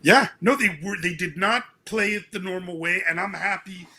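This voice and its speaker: Man, middle-aged, high gravelly voice, bright edge, halting reflective guest. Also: slight background noise. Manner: halting, restarts phrases, emotional. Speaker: author guest. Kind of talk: reflective interview talk.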